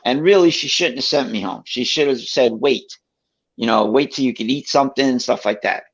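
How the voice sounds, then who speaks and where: A man relates a personal anecdote in a relaxed way, bringing it to life by imitating how each person sounded. His medium-pitched voice is brisk and a little rough, and the recording is muffled and lo-fi.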